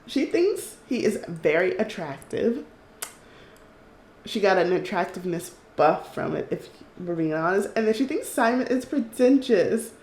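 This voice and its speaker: Brief: young adult woman, excitable game commentary, gravelly tone, echoey room. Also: mid-range voice, unhurried, a little hiss or hum. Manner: chatty, excitable, swears, reads game text aloud. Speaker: let's play host. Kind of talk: casual gameplay commentary.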